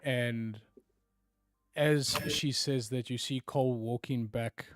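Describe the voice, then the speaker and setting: A man narrating a tabletop game as game master, often sinking to hushed tones for dramatic moments. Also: medium pitch, steady tone, slow pace, no echo, clean studio sound, soft background music.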